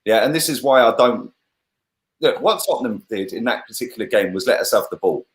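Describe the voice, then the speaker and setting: A man giving a casual, animated football review on a livestream, full of "yeah?" and "bruv". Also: on the low side, a little fast, echoey room. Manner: animated, lots of "yeah?" and "bruv", laughs often. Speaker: football channel host.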